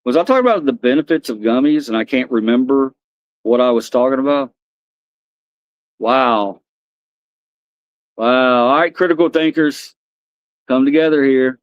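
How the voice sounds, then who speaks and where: A man's voice: medium pitch, normal speed, pauses often, no echo, muffled recording. An American man hosting a livestream, rambling loosely and chatting with viewers by name. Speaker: livestream host. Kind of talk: casual chat with chat readers.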